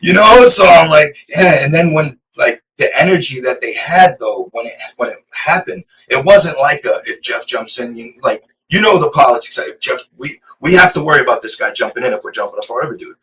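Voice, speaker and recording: A man from Massachusetts tells a story on a podcast, rambling and swearing freely and often checking in with "you know what I mean". His voice is bright and sharp. He sounds a little distant from the microphone. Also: fairly high pitch, lively intonation, brisk, hardly any pauses. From Massachusetts, USA. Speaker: podcast guest. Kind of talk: casual storytelling of prison life.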